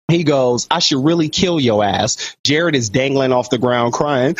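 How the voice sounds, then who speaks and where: A male co-host tells a story with real energy, cursing freely and jumping up into higher voices for the people he quotes. His voice sits at a medium pitch, and the sound is dry and slightly muffled, with no room echo. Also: slow pace. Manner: animated, profane, jumps into high voices for the people he quotes. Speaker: podcast co-host. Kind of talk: comic storytelling.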